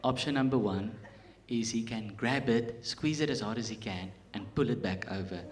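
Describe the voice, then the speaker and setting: A man's voice: medium pitch, normal speed, pitched below the performer's own voice, lightly acted. A male comedian voicing a matter-of-fact male family doctor who lays out the options.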